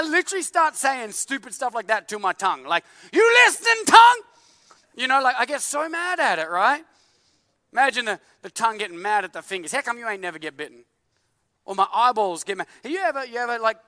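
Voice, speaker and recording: A man in his thirties preaching a sermon in a church, animated and joking, full of filler words. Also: very high voice, a little fast, no echo, long reverb tail. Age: 30s. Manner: animated, jokey, many filler likes. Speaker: pastor.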